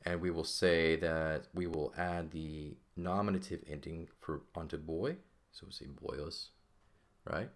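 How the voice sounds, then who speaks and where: A man's voice: deep voice, fairly bright tone. A man teaching a classical Greek grammar lesson, explaining step by step and often checking in with "right?". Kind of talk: classroom lecture.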